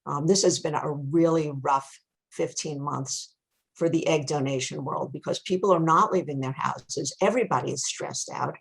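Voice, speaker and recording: A woman's voice: low voice, normal speed, gravelly, breathy edge. A middle-aged woman with a New York accent, speaking as a guest expert in a webinar in a chatty, candid way with frequent ums. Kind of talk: webinar presentation.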